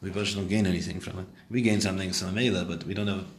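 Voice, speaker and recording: A man's voice: sits low, steady tone, fast talker, roomy sound, noisy background. A man teaching a Talmud class, translating Hebrew and Aramaic phrases and questioning his students.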